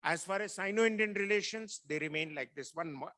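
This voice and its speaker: A man's voice: sits high, fairly quick, pushed and bright. A retired army officer on a video call, telling blunt anecdotes and acting out the people he quotes. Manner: blunt, acts out quoted voices. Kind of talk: anecdotal storytelling talk.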